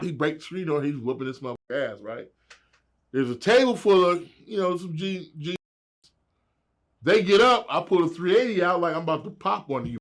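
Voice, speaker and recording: A man's voice: a little high, normal speed. A middle-aged man telling wild stories as a guest in a casual interview, laughing and acting out the voices of people he quotes.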